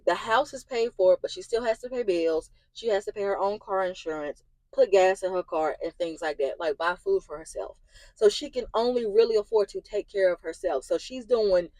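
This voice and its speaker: A woman's voice: medium pitch, no room sound, rough recording. Upset young woman venting a story. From Indiana. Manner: agitated, rising to yelling in retold arguments. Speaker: vlogger. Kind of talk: emotional storytime.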